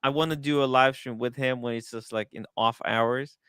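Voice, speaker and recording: A man hosting a casual livestream, excitable and talking in bursts, often repeating himself. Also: mid-range voice, moderate pace, smooth, no room sound. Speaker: livestream host.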